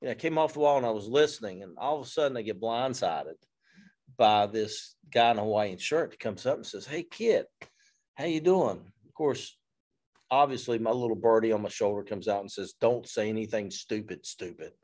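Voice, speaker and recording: A man, a fire service instructor telling a story in an interview in an animated, self-deprecating way. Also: lowish voice, brisk.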